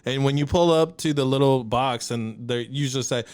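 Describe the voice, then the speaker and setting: A man's voice: medium pitch, steady tone, a little fast, clear, resonant tone. A man with a Texan accent, co-hosting a casual podcast and ranting bluntly, with joking profanity. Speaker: podcast co-host. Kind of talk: casual chat.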